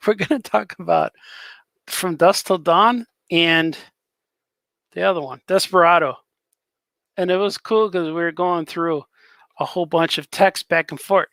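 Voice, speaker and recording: A man's voice: high voice, fairly bright tone, dry recording. A man hosting a casual live stream as a cartoonist, rambling in an easygoing way and chatting with viewers.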